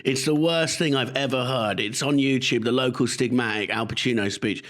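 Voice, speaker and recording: A man's voice: medium pitch, normal speed, a bit bright. Chatty man telling rambling stories. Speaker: podcast co-host. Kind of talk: casual chat. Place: remote recording.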